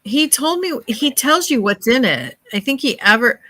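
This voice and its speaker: A woman's voice: sits high, big pitch swings, moderate pace, pushed and bright, dry recording. Giggly woman chatting on a live stream. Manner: giggly, teasing, laughs often. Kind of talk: casual chat.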